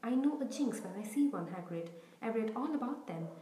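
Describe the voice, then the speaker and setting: A woman's voice: on the high side, animated, fairly quick, mellow, roomy sound, a little hiss or hum, lightly acted. Woman reading as an insistent bookish schoolgirl witch. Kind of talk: audiobook reading.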